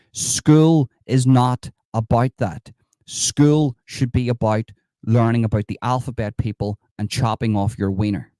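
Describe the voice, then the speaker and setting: A man's voice: medium pitch, dark tone, no room sound, studio quality, natural voice. A man doing a sarcastic impression of a smug, mock-outraged politician, mocking comments in a live stream. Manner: sarcastic, mocking, reads comments and scoffs at them.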